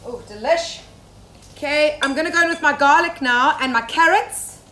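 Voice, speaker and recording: Her voice sits high with a sharp tone and a moderate pace as this young Zimbabwean woman, a safari cook, cooks live in her home kitchen. She chats easily and greets viewers by name, and the recording carries kitchen echo and faint ambient noise.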